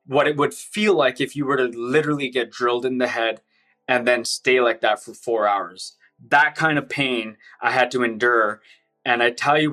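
A man's voice: medium pitch, pushed and bright. A man recounting his own experience in an intense, run-on storytelling manner. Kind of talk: personal account, casual storytelling.

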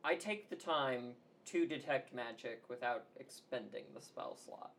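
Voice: mid-range voice, lively intonation, a little slow, fairly bright tone, a little hiss or hum. Joking player with a Southern US accent. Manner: playful, jokey. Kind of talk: tabletop game play.

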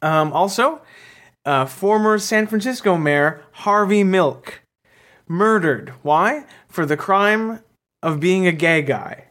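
A man's voice: high voice, expressive, slow pace, fairly bright tone. A man co-hosting a comedy podcast, speaking in a sarcastic, incredulous way. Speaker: podcast co-host.

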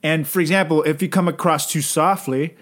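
A man's voice: a little high, steady tone, fairly quick, fairly bright tone. Giggly man joking crudely in casual chat. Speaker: podcast co-host.

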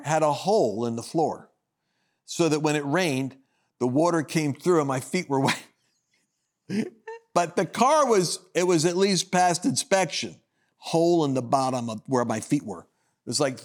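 A man minister giving a personal testimony on a broadcast, acting out the dialogue as he tells it, with loud high bursts and low quiet asides. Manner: acts out quoted dialogue in his telling.

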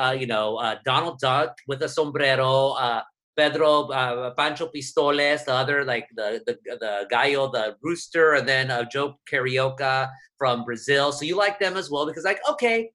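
A man from Southern California, talking in a casual interview as a guest columnist, animated and full of fillers. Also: a little high. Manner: animated, many fillers, quotes his younger self.

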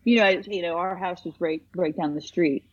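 A woman's voice: lowish voice, a little fast, highs cut off, a little hiss or hum. A woman therapist in casual chat, telling stories animatedly and acting out the people she quotes.

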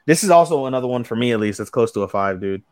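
A man co-hosting a casual anime podcast, retelling episodes with lively acted-out quotes and frequent swearing. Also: medium pitch, rapid-fire, dry recording, studio quality. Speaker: podcast co-host. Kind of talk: casual anime review chat.

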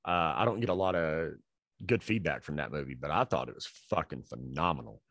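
A man's voice: rumbling low, a little fast, fairly bright tone, dry recording. A man co-hosting a podcast, chatting in a laid-back, profane way. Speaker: podcast co-host. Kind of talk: casual profane chat.

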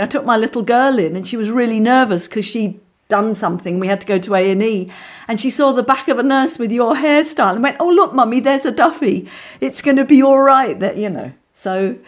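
An actress telling lively anecdotes in a casual interview, with frequent restarts and asides. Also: female voice, a little high, brisk. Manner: animated storyteller, many restarts, acts out voices. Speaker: actress guest.

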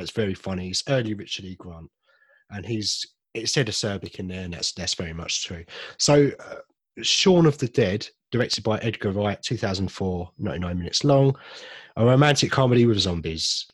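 A man's voice: on the low side, expressive, a little fast, husky, no echo. A man co-hosting a podcast in casual chat, joking, reading film synopses aloud and swearing now and then. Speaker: podcast co-host.

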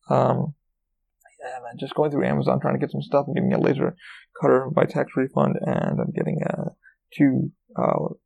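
Male podcast host, mellow gravelly voice, rambling and profane. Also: mid-range voice, lo-fi sound. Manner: rambling, swears a lot, many fillers and restarts. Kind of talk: casual solo podcast rant.

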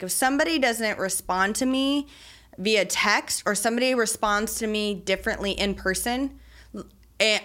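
A young adult woman hosting a solo podcast, talking in a chatty, animated way about faith and everyday life. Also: medium pitch. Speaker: podcast host. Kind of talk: casual solo podcast talk.

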